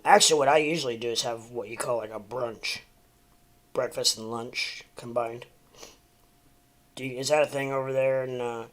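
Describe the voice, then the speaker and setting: A man from the United States on a casual livestream, rambling along with plenty of fillers and restarts. His voice sits at an ordinary middle pitch, and he breaks off now and then to talk to his dog. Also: a bit bright. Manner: talks to his dog mid-stream. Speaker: crypto livestream host.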